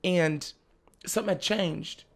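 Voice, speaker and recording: A young man, a guest on a podcast, telling a personal story in casual chat, animated and laughing often. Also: sits high, slow, creaky. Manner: animated, laughs often, slips into the voices of family members.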